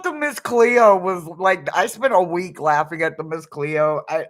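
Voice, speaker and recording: A man's voice: sits high, unhurried, few pauses, fairly bright tone. A man tarot reader on a live stream, laughing almost nonstop and exclaiming giddily while unboxing a deck.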